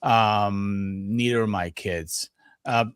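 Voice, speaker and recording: A man with a Serbian accent, a native Serbian speaker hosting a casual podcast conversation and pausing often as he searches for words. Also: lowish voice, clear, resonant tone, no room sound, clean studio sound. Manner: halting, frequent pauses and restarts.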